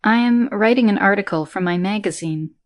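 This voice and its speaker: A woman voicing a polite young female journalist in a sci-fi audiobook, raising her voice lighter and higher. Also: brisk, lightly acted. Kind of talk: audiobook character reading.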